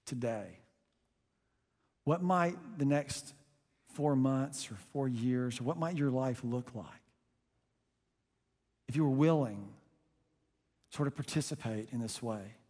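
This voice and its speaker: Emphatic male pastor in a reverberant hall. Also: mid-range voice. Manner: emphatic preaching, swings from loud pushes to soft hushed lines. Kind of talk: sermon. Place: church auditorium. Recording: long reverb of a large hall.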